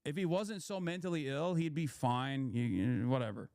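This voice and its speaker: A man's voice: medium pitch, moderate pace, darkish tone, dry recording, studio quality. A young man, a political commentator, ranting in a heated, profane, rambling way on a stream.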